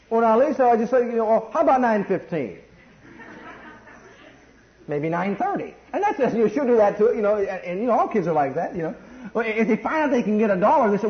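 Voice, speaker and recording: A middle-aged man preaches a sermon in a high voice. He is animated and acts out voices in a bargaining tone. The recording is dull and lo-fi. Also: quick pace. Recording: dull lo-fi sound.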